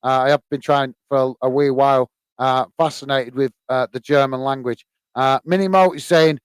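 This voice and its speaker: British guy hosting a footy live stream, lots of uhs, calls everyone mate, smooth voice, dry sound. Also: mid-range voice, fairly even intonation, no echo. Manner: halting, many "uh" fillers, calls viewers "mate". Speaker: football channel host reading live chat. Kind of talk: casual live stream chat.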